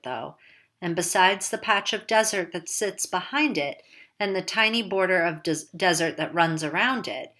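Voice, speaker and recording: Lower-pitched woman narrating wryly. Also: a bit bright. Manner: casual, wry, conversational storytelling. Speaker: audiobook narrator. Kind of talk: first-person novel narration.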